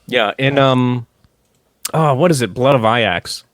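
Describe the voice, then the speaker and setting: A man's voice: medium pitch, slow pace, no echo, clean studio sound. A man co-hosting a casual podcast chat about tabletop gaming, swearing freely and acting out quotes. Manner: profane, animated, slips into quoted voices. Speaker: podcast co-host.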